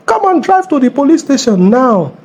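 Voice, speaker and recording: A man's voice: very high-pitched, sing-song, normal speed, slight background noise. A man with a Nigerian accent playing a bossy, mocking middle-aged police officer in a comedy skit. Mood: scolding. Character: bullying middle-aged male traffic cop.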